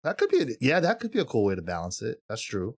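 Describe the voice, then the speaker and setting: A man hosting a casual gaming podcast, loose and excitable, swearing and laughing as he talks. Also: medium pitch, fast talker, no echo, studio quality. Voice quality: animated, swears and laughs a lot. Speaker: podcast host.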